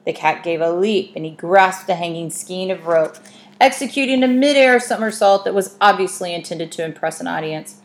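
Woman reading a children's storybook aloud. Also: fairly low pitch. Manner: measured, expressive reading. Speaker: narrator. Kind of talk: audiobook narration.

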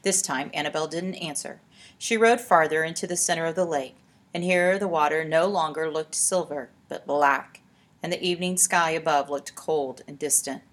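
A woman narrating a storybook aloud in a steady, expressive way. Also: low voice. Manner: steady, expressive, slows for tense moments.

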